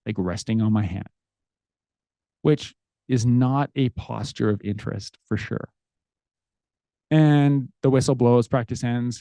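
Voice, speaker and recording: A man's voice: mid-range voice, mellow, dry recording. A man hosting a podcast, telling a personal story in an earnest, reflective way with restarts. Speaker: podcast host.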